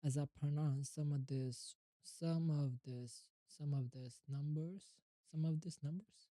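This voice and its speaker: A man's voice: fairly high pitch, fairly even intonation, unhurried, mellow, no room sound, poor audio. A man live-streaming as he learns English, nervous and hesitant, repeating words over and over on his own mic. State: nervous, shaky. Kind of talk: casual live-stream chat.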